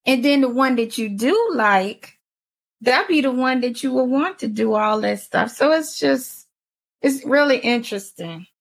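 A woman in her forties telling stories in a casual chat, animated and often laughing. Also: on the high side, unhurried, husky. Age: 40s. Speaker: panelist.

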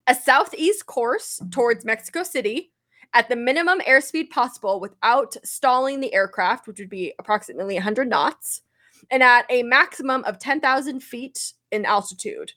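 A woman co-hosting a casual podcast, telling a story in an animated way, swearing often and acting out the people she quotes. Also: on the high side, normal speed. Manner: animated, swears a lot, acts out quoted voices. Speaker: podcast co-host.

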